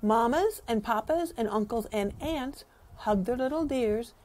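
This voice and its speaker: A woman teacher reading a picture book aloud to children in an animated, sing-song way, pausing to ask the listeners questions. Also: on the high side, slight background noise.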